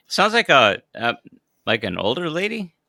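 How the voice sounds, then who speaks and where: A man's voice: fairly high pitch, wildly swooping pitch, measured pace, creaky, sharp tone, dry recording, clean studio sound. A man co-hosting a podcast, joking hesitantly with chuckles. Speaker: podcast co-host. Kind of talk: casual banter.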